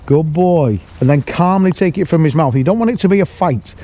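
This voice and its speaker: A man, a dog trainer, explaining a training exercise outdoors in a calm, explanatory way, with sharp calls to the dog. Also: sits high, quick pace. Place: outdoors in a field.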